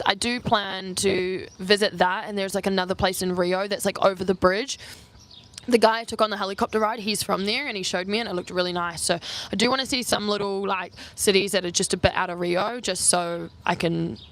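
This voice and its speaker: A woman's voice: mid-range voice, fairly even intonation, fairly bright tone. A young woman from New Zealand, a travel vlogger answering viewer questions in a casual, rambling chat full of "like". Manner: chatty, heavy use of "like", quick asides. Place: outdoors on an island.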